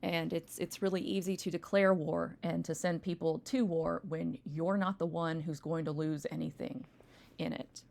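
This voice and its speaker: A woman's voice: fairly low pitch, steady tone, moderate pace, vocal fry, a little mellow. A woman teacher giving a recorded history lecture, rambling with wry asides and frequent ums. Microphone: home recording, textbook open nearby.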